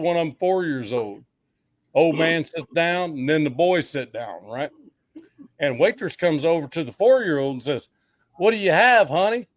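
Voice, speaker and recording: A man's voice: a little high, no room sound, clean studio sound. A man co-hosting a casual livestream, telling jokes and laughing at his own punchlines, often repeating words as he goes. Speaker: podcast co-host telling jokes.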